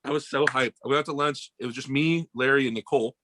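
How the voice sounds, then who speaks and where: Young american guy talking fast, bright voice, dry close sound, acts out everyone in his stories. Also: medium pitch, no room sound. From United States. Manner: animated, swearing, acts out quoted voices. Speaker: podcast guest. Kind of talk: casual storytelling chat.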